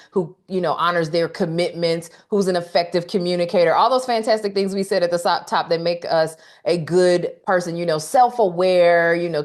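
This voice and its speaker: A woman leading a live online coaching session, speaking straight to her audience with emphatic repetition and frequent "okay?" check-ins. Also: lowish voice. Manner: emphatic, repeats key phrases, checks in with "okay?"; talks directly to the audience. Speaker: workshop speaker.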